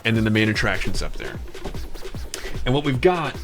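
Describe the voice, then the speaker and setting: A man's voice: lowish voice, very animated, moderate pace, a bit bright, soft background music. A man hosting a podcast, telling a long story in a rambling, profane way with digressions.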